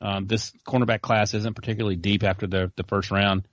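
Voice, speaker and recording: Low-voiced male sports co-host. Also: flat delivery, a little fast, dry recording. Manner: chatty, self-correcting. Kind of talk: casual sports talk. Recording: dry muffled lo-fi audio.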